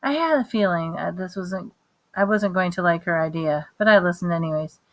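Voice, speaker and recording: A woman's voice: on the low side, moderate pace. Woman reading a children's novel. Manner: plain, even storytelling with small restarts. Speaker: reader.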